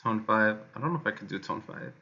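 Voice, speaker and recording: A man's voice: lowish voice, fast talker, gravelly, bright, forceful tone, lo-fi sound. A man teaching chant, singing short melodic lines and explaining them with hesitant, self-correcting asides. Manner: hesitant, self-correcting between sung demonstrations. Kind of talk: sung and spoken chant lesson.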